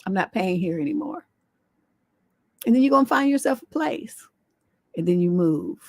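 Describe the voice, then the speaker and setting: A woman's voice: mid-range voice, animated, normal speed, no echo. A woman hosting a livestream as a relationship coach. She talks in a blunt, sassy way and swears freely. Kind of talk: livestream advice show.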